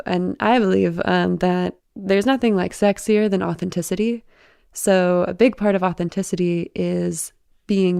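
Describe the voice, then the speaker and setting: Woman, interview guest, former producer, gravelly edge, dry close sound, thoughtful explaining. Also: fairly low pitch, dry recording. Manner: thoughtful, explanatory, warmly instructive.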